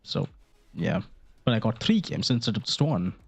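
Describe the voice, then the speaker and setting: Gravelly and husky, the low voice of this roughly eighteen-year-old Indian gamer rises and falls widely as he talks at normal speed. He's a video creator using a desk mic, rambling jokily through casual play with lots of fillers and the odd swear.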